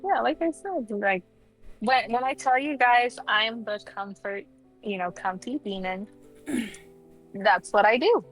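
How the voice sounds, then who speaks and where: A woman's voice: on the high side, lively intonation, measured pace, fairly bright tone, soft background music, low-quality recording. A woman guest on a livestream, chatting casually and rambling with lots of fillers. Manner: rambling, full of fillers like "you know". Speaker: guest streamer.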